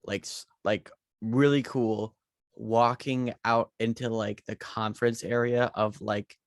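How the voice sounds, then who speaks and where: Gravelly-voiced man riffing on movie ideas. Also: steady tone, slow, dry recording, studio quality. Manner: rambling, filler-heavy pitching of ideas. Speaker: podcast co-host. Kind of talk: casual movie chat.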